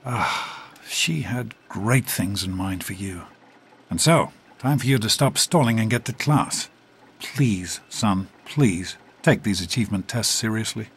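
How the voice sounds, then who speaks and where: A gentle, protective father. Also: on the low side, expressive, a little slow, breathy edge, exaggerated voice. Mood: tender. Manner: tender, earnest.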